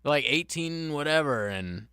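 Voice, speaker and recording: A man co-hosts a sports radio show and drops in with dry, wry remarks. His voice is bright and mid-pitched. The studio mic sounds close and dry. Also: animated, measured pace, clear, resonant tone, no room sound. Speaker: radio co-host. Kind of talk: casual radio chat. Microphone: studio microphone.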